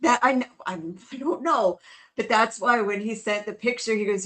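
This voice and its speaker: A woman co-hosting a casual podcast, chatty and quick to laugh as she tells stories. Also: a little high. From New Orleans. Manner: chatty, laughs often, quotes others in lively bursts. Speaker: co-host.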